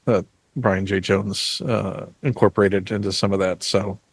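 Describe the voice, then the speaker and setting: A man's voice: sits low, fairly even intonation, unhurried, gravelly, husky, no echo. A man hosting an interview, talking in a chatty, teasing way. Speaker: host. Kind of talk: casual interview.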